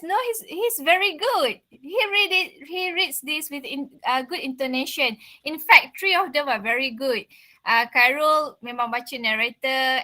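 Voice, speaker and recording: A woman's voice: high voice, pushed and bright. A woman teacher with a Malaysian accent explaining a play to a class, checking in with questions. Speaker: English literature teacher.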